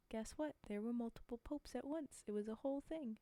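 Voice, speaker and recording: Chatty woman reading fairy tales, mellow. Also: high voice, moderate pace, no echo. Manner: chatty asides to chat, frequent laughs. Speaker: storyteller streamer. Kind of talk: casual fairy tale reading on stream.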